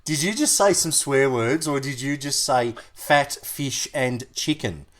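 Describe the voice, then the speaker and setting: A man's voice: mid-range voice, unhurried. A man co-hosting a podcast in casual banter. He is teasing and playful and often breaks in with questions. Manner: teasing, playful, with many interruptions. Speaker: podcast co-host.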